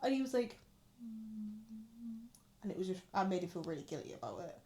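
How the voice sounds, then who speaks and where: A woman's voice: mid-range voice, animated, fairly quick, dark tone. A woman, chatting casually and telling stories with acted-out quotes and lots of swearing. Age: 20s. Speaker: podcast co-host. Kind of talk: casual chat.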